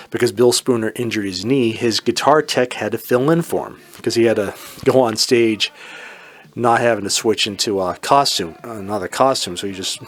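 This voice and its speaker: A man hosting a solo music podcast, talking casually with rambling enthusiasm. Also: fairly low pitch. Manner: enthusiastic, rambling, exclaims "oh my goodness". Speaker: podcast host.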